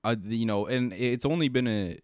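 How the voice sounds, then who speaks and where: Smooth-voiced man, laid-back podcast chat. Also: medium pitch, moderate pace, darkish tone, no echo, studio quality. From Canada. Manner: laid-back, swears casually, trails off and laughs mid-sentence. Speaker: podcast co-host. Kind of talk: casual chat.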